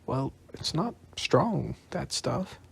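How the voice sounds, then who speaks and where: A man's voice: mid-range voice, big pitch swings, slow pace, creaky, slightly rough, heavily acted. A man voicing a teenage boy who speaks plainly and directly. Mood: curious. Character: curious teenage boy wizard.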